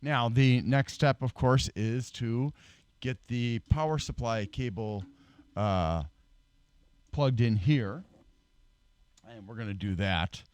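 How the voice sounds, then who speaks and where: In this relaxed how-to demo, a man walks through building a PC at a medium pitch, taking it slowly with frequent pauses and a slightly mellow tone. He rambles, uses fillers, corrects himself and makes dry jokes at his own expense. The desk mic captures a dry, close sound that drops off as he moves back from it.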